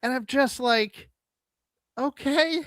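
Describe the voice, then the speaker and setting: A man co-hosting a wrestling podcast, giving his opinions in animated casual chat with stammering restarts. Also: very high-pitched, slow, no echo, clean studio sound. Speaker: podcast co-host.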